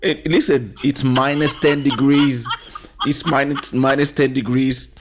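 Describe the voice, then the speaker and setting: A man hosting a podcast, telling a story in a casual, animated way, acting out quotes and slipping into French phrases. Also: medium pitch, a little slow, a little hiss or hum. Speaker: podcast host.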